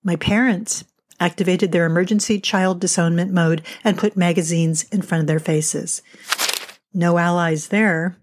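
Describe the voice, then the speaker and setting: A woman's voice: fairly low pitch, fairly even intonation, a little slow. A woman from the United States hosting a podcast, telling a scripted humorous story in a wry, self-mocking way. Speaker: podcast host.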